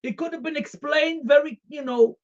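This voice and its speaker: Putting on a Russian accent for a funny live stream, the streamer voices a devoted communist comrade in formal, broken English with a straight face. The pitch is high and the pace moderate, with only light acting. High frequencies are cut off.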